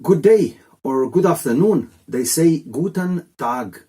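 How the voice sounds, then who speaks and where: A man's voice: on the high side, lively intonation, slow pace, mellow, breathy edge. A man teaching a casual video lesson in a chatty, rambling way with jokey asides. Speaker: language teacher.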